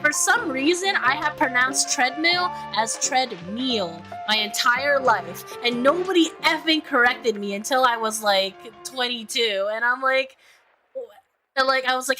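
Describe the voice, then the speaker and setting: Young female streamer, slightly high voice, self-mocking chatter over clear background music. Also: lively intonation, measured pace. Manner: chatty, self-mocking, frequent laughs and restarts. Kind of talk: casual chat reading viewer comments. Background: music playing.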